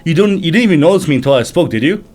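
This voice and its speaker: A man voicing a calm, scheming young male prince who speaks in a cool, matter-of-fact way. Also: a little high, rapid-fire, pitched above the performer's own voice.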